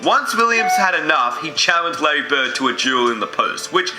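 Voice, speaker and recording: A man reading a scripted sports story narration with a measured, dramatic delivery. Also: on the high side, very animated, over music. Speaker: video narrator. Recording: roomy echo.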